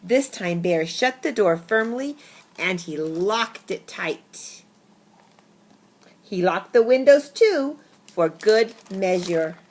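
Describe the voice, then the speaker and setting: A woman reading a picture book aloud to children, expressive and pausing to ask her listeners questions. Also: medium pitch. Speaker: storybook reader.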